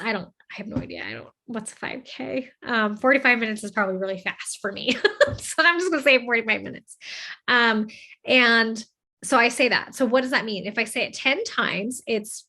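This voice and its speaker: A woman hosting a self-help talk, earnest and encouraging, often checking in with "okay?" and "right?" and slowing down to recite affirmations. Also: a little high, pushed and bright. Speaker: host of a self-help channel.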